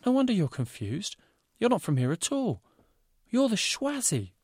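A man voicing a fussy male fashion designer who talks in rapid, pompous salesman's patter. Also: sits high, very animated, dark tone, breathy edge, no echo, clean studio sound, voice pushed up, full character voice.

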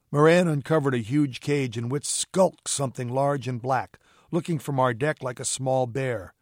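A man narrating an audiobook with steady, even storytelling. His voice sits at a middle pitch for a man. The recording is close and dry, with no room sound. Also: moderate pace, no echo. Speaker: audiobook reader. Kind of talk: scripted narration.

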